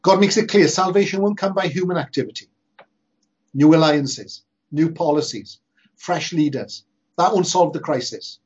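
A preacher delivers an emphatic sermon, leaning hard on slow, repeated phrases. His voice is somewhat husky and sits a little high. The recording sounds dull and lo-fi. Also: a little mellow. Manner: earnest, emphatic preaching with slow stressed repetitions.

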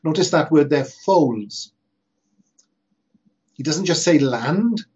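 Husky preacher, earnest sermon. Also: male voice, a little high, animated, a little mellow. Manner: earnest, emphatic preaching with slow stressed repetitions. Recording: dull lo-fi sermon recording.

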